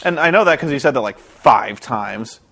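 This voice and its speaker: A man's voice: mid-range voice, lively intonation, moderate pace, vocal fry, sharp tone. Exasperated, sarcastic young man ranting. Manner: exasperated, sarcastic, rambling with restarts. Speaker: vlogger reviewing a wrestling show. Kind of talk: casual ranting commentary.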